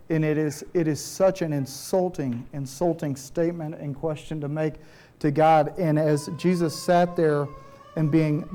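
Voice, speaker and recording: A man's voice: fairly high pitch, steady tone, normal speed, mellow. A man preaching a sermon to his congregation in an earnest, conversational way, often restarting his phrases. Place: church.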